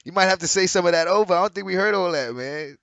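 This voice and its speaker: A man hosting a live call-in show, relaxed and chuckling as he checks on the caller's connection. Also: sits high, fast talker, gravelly, dry recording. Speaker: host.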